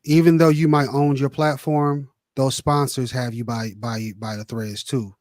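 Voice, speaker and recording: A man co-hosting a sports podcast, chiming in with relaxed casual comments. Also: mid-range voice, a little slow, no echo, studio quality. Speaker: podcast co-host.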